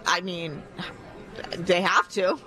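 A woman's voice: lowish voice, steady tone, slow pace, bright, forceful tone, low-quality recording. A woman co-hosting a live radio broadcast outdoors at a theme park, prompting with short questions. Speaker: radio co-host.

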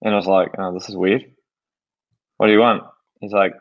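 A man's voice: lowish voice, fairly even intonation, fast, long pauses, lo-fi sound. A man co-hosting a casual podcast, telling an anecdote in a dry, wry manner. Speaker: podcast co-host. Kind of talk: casual chat.

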